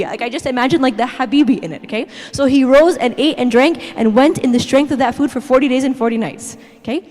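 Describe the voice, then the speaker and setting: A woman giving a lively, chatty church talk, constantly checking in with her listeners with "okay?". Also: high-pitched, fast, hardly any pauses. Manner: animated, chatty, tags "okay?" after every point. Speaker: guest speaker. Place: church sanctuary. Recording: echoey church hall.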